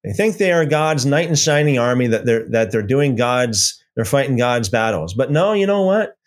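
A man's voice: mid-range voice, sing-song, moderate pace. A man hosting a casual livestream, rambling and taunting, repeating himself as he reads viewer comments. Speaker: livestream host.

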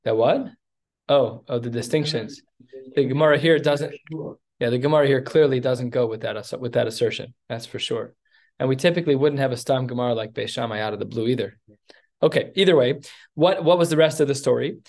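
Gravelly man teaching a study class. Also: medium pitch. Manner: animated storytelling, quick asides. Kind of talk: text study lesson.

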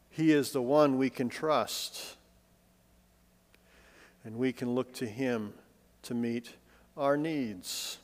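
A male pastor giving a sermon in a conversational way with light humor, swinging between emphatic lines and hushed, soft ones. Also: medium pitch, takes it slowly, pauses often. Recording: long reverb, as in a hall.

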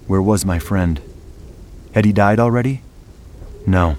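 Deep-voiced man narrating grim horror. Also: steady tone, moderate pace, pauses often, darkish tone, slight background noise. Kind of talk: scripted first-person horror narration.

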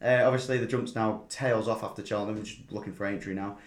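A man's voice: fairly low pitch, steady tone, quick pace. A man hosting a casual horse racing chat, with lots of ums and easy banter. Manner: chatty, filler-heavy, jokey banter. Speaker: podcast host. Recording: echoey room.

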